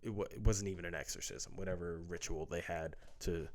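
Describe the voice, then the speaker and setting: Male movie reviewer, low voice, casual and profane, loose and filler-heavy. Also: fairly even intonation, fairly quick, darkish tone. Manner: blunt, profane, full of fillers. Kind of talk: casual ranting film review.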